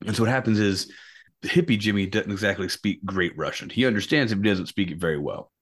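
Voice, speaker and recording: Podcast co-host, male, lower register, chatty storyteller who slips into voices. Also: fast. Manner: animated storyteller, acts out quotes. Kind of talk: casual movie podcast chat.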